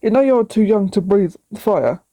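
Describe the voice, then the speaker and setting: A woman's voice: mid-range voice, animated, normal speed, dark tone, no echo, close to an everyday voice, rough recording. A woman voicing a protective, stern dragon king father in a storybook. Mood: firm. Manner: roaring, firm.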